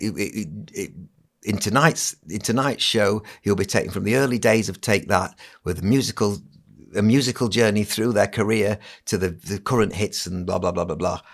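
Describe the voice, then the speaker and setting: A man in his sixties, a children's entertainer, telling stories on a podcast in a lively way and acting out what other people said. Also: fairly low pitch. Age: 60s. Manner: animated storyteller who acts out other people's lines. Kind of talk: casual anecdote telling on a podcast.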